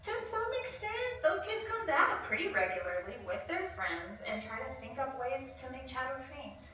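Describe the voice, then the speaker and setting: An actress playing a chatty diner employee who tells animated stories about her coworkers. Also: high voice, moderate pace, slight background noise, exaggerated voice. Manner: animated, storytelling, laughing easily. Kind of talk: audio drama acting. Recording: distant echoey room.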